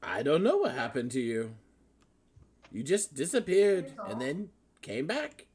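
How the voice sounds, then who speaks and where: A man's voice: fairly high pitch, sing-song, measured pace, darkish tone, a little hiss or hum, pitched above the performer's own voice. A man doing a weary old tower keeper. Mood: puzzled.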